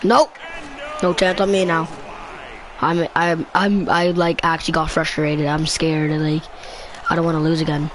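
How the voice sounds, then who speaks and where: A man giving excited commentary while playing a video game, trash-talking the players on screen. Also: a little high, measured pace, pauses often, slight background noise.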